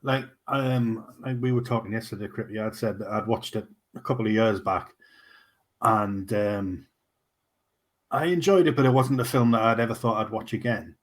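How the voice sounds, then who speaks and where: A man chats as a podcast co-host, blunt and quick to joke. He drops the odd swear word without any fuss. His delivery is loose and conversational. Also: fairly low pitch. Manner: blunt, banter-heavy, swears casually. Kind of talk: casual chat.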